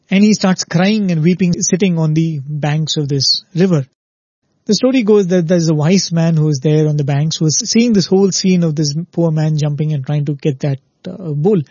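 A man's voice: on the high side, normal speed, darkish tone, no echo, highs cut off. A man giving a reflective spiritual talk, telling a parable and often checking in with "right?" and repeated "very, very". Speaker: spiritual speaker.

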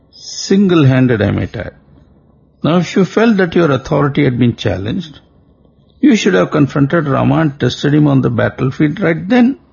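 A man voicing a dignified captive princess who speaks slowly and sternly. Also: fairly high pitch, vocal fry, a little mellow, husky, dull audio, exaggerated voice. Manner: slow, measured, stern.

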